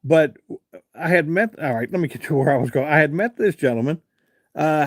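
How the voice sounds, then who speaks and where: A man's voice: on the high side, lively intonation, normal speed, no echo, clean studio sound. Rambling man telling folksy stories. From Virginia, USA. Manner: rambling, folksy storyteller who reads out and answers viewer comments. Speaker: live-stream host. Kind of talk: casual live-stream chat and storytelling.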